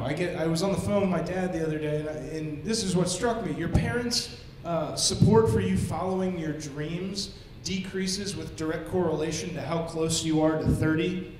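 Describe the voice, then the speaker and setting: Echoey wry stand-up host, high-voiced man. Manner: wry, rambling storytelling with punchy outbursts. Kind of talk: stand-up comedy set. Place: comedy stage in a small venue. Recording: very echoey room.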